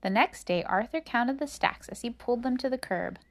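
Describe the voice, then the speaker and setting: A woman reading a picture book aloud to a child, expressive and adding chatty asides. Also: on the high side, normal speed. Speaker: reader to a child.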